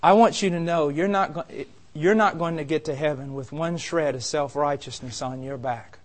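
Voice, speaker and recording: Guy preaching a sermon, pretty high voice, gets loud and fired up then goes real quiet. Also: normal speed. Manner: impassioned, swings from loud urgency to quiet intensity.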